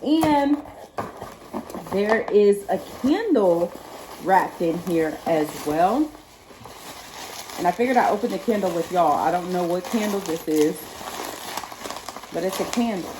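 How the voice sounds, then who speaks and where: Excitable Texas woman, echoey room. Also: fairly low pitch, slow pace, long pauses, background noise. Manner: chatty, excitable, laughs often. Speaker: vlogger. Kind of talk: casual unboxing chat.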